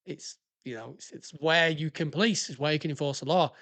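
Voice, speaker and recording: A man's voice: fairly high pitch, a little fast, hardly any pauses, a bit bright. A man hosting a podcast, ranting in a blunt, sweary way. He is a former police officer reacting to listener stories in heated, casual commentary.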